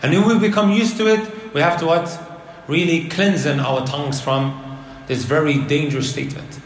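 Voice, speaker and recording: A man giving a religious lecture to a live audience, animated and asking the crowd rhetorical questions. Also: a little high, normal speed, slight background noise. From Leicester, England. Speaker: Islamic preacher. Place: indoor hall with an audience. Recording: roomy lecture hall.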